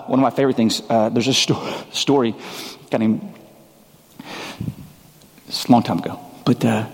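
A male pastor giving a sermon, shifting into casual, conversational storytelling with relaxed asides. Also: medium pitch, vocal fry, in a large hall.

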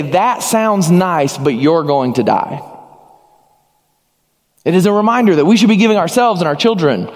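A man's voice: high-pitched, darkish tone, long reverb tail. A man preaching a sermon as pastor, earnest, acting out short dialogues as he speaks.

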